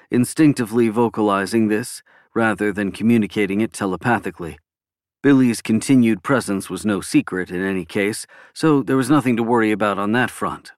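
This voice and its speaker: A man giving steady, even scripted narration of a science fiction audiobook. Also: fairly low pitch, moderate pace, dry recording, studio quality.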